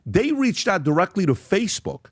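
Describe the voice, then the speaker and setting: A man's voice: sits high, big pitch swings, moderate pace, no room sound, studio quality. A man hosting a podcast, talking through posts and questions in an emphatic way, often checking in with "okay?". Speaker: podcast host. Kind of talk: talking through social media posts on a show.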